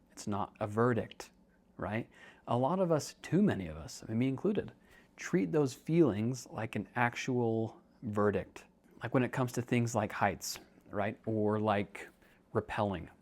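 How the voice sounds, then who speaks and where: A young man with a fairly low voice hosts a relaxed podcast monologue. He is chatty and jokey and calls listeners dude. He shifts between quick asides and slower stretches. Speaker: podcast host and counselor.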